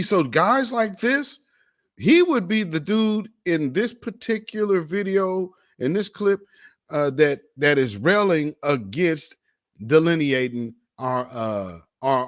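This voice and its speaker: A man hosting a commentary show, reacting to video clips in an emphatic, preachy way and drawing out the words he stresses. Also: fairly high pitch. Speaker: commentary host.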